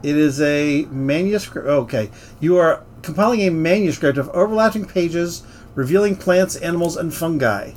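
A man with a somewhat high voice talks his way through a casual podcast, rambling and restarting his sentences. A faint hiss of noise sits under the recording. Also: expressive, normal speed, a little mellow. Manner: chatty, rambling with fillers and restarts. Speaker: game store podcast host. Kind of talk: casual chat.

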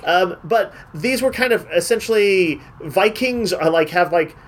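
A man's voice: sits high, a little slow. A man co-hosting a casual chat about a cartoon series, rambling with many fillers and restarts. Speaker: podcast co-host.

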